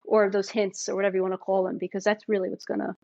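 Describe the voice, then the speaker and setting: A woman with a New York accent, a filmmaker talking as a podcast guest, emphatic and animated, often checking in with "right?". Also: mid-range voice, very fast, creaky, no echo, dull audio. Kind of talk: casual podcast conversation.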